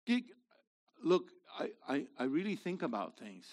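Animated high-voiced male preacher. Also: unhurried. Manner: animated and conversational, swinging from loud to quiet. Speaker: pastor. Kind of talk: sermon.

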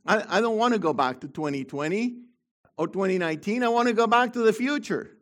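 A middle-aged man preaching a sermon with fervor, dropping to quiet asides and rising to shouted proclamations. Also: high-pitched, lively intonation, a little fast.

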